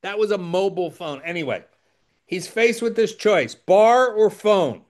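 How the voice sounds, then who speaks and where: A man's voice: sits high, animated, measured pace. A man giving a rambling storytelling talk to a recovery audience, digressive and self-deprecating with wry asides. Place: indoors by a window.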